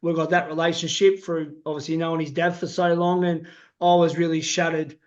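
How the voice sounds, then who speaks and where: High-voiced Australian man, muffled lo-fi sound. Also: little pitch movement, fairly quick. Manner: affirms often with yeah and wow, chatty. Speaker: interview host, former boxer. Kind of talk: casual interview chat.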